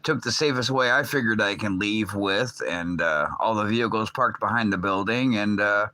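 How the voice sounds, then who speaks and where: A man's voice: on the low side, normal speed, sharp tone. A man rambling casually on his livestream, swearing often and filling gaps with "uh" and "like". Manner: rambling, loose, swears often, many fillers. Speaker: livestream host.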